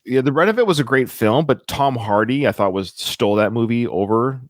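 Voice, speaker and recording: A man's voice: mid-range voice, expressive, a little fast, a little hiss or hum. A man hosting a casual film podcast, talking with enthusiasm and reeling off lists of film titles. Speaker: podcast host.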